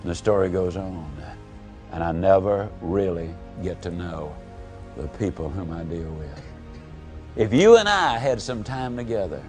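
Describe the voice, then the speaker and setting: Animated folksy motivational speaker, man. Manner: dramatic swings between booming and hushed delivery; folksy storytelling. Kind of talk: live motivational speech.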